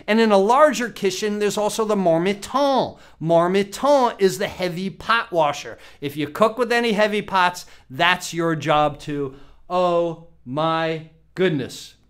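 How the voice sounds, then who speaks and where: A man's voice: high-pitched, a bit bright, clean tone. A man teaching cooking in a casual, chatty way, asking the viewer questions and laughing often. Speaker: cooking instructor. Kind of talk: casual teaching talk to camera.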